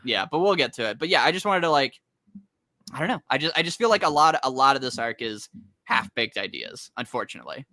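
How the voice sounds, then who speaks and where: A man's voice: medium pitch, animated, fast, sharp tone, no echo. A young man co-hosting a casual chat about comics, rambling and laughing as he talks. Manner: rambling, laughing, self-interrupting. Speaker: podcast co-host.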